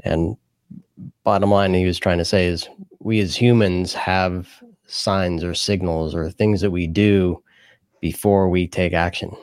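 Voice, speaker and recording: A man's voice: sits low, steady tone, a little slow, a little mellow, smooth, no room sound, studio quality. A man hosting a podcast, asking rambling questions with a joking edge. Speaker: podcast host. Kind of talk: casual interview talk.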